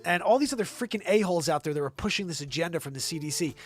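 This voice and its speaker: A man's voice: fairly high pitch, animated, racing. A man hosting his own online show, ranting about politics in a heated, profane and sarcastic way.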